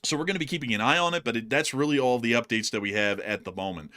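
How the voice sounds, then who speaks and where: A man's voice: medium pitch, very fast, sharp tone. A man co-hosting a casual livestream, joking, laughing often and reading out updates. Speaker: co-host.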